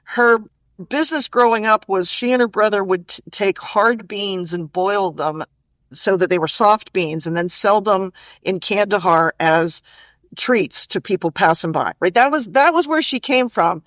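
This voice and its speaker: Middle-aged woman, interview guest; lively, filler-heavy storyteller, mid pitch, dry sound. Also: unhurried, no room sound. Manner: animated, chatty storyteller with many "you know" and "like" fillers.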